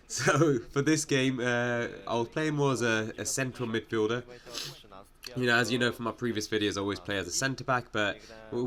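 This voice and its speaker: A man's voice: fairly low pitch, a bit bright. A young man hosting his gaming channel, talking casually and rambling with lots of fillers like "like" and "you know". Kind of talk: casual video game commentary.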